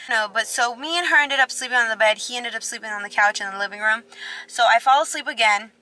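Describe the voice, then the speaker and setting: A woman's voice: a little high, quick pace, sharp tone. A young woman telling a casual storytime, chatty and candid, full of "like". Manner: chatty, fillers of "like", candid and blunt. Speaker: vlogger.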